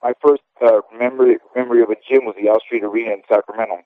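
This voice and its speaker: On a thin, dry phone line, a man in his fifties who used to box talks rapid-fire and candidly, drifting through memories in a casual interview. His ordinary middle-pitched voice stays fairly even, and he keeps checking in with an "okay?"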